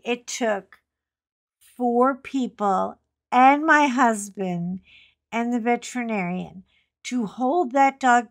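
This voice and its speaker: A middle-aged woman hosts a relaxed crafting chat from home, taking her time with each sentence. She tells stories in a chatty, amused way, laughs often, and drops the odd mild curse word. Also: medium pitch. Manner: chatty storyteller, laughs often, colorful swearing. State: recovering from a cough. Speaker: craft channel host. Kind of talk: casual chat while painting.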